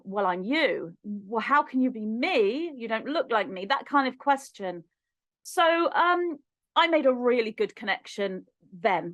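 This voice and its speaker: A woman as a podcast guest, telling a personal story in an animated way and acting out remembered dialogue. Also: a little high, dry recording. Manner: animated, acts out remembered dialogue with lively shifts in voice.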